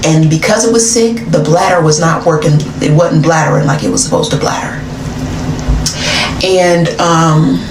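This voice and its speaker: A woman from Atlanta telling a story in an animated, dramatic way, in a roomy, noisy recording from a distance. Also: low-pitched, normal speed. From Atlanta, Georgia. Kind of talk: casual storytelling.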